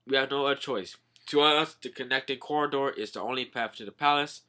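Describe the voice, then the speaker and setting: A man's voice: mid-range voice, brisk, pushed and bright, lightly acted. A man voicing a formal, earnest young male prince speaking politely.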